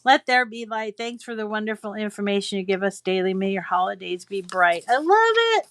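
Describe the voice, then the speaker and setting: A woman hosting a crafting channel sits at home reading viewers' holiday cards aloud, chatting casually and gushing. Yet her delivery is flat and brisk, with a medium pitch and a bit of brightness.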